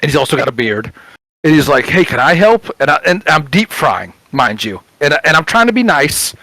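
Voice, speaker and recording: A middle-aged man co-hosting a chat show, telling an animated story, acting out quotes and swearing casually. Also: a little high, a little fast, gravelly, no echo, low-quality recording. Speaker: podcast co-host.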